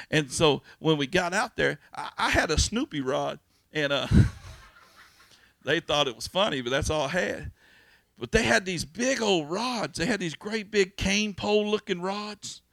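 A man preaches a sermon, his voice sitting high and gravelly. His tone is bright and forceful, and he swings from shouts to hushed pleas. The sound is dry and close, with no room around it. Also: no echo. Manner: folksy storytelling with laughs. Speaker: pastor.

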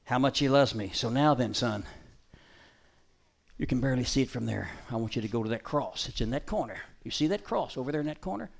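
A middle-aged man presents a live dog-training show. He shouts commands at the dog in bursts, jokes with the crowd, and drops into a soft, preachy tone. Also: mid-range voice, lively intonation, a little fast, vocal fry. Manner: jokey crowd banter.

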